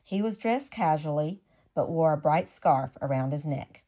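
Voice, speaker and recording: A woman reading a memoir aloud in a measured, unhurried way, stopping now and then for casual asides. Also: low voice, expressive, warm tone. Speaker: audiobook reader.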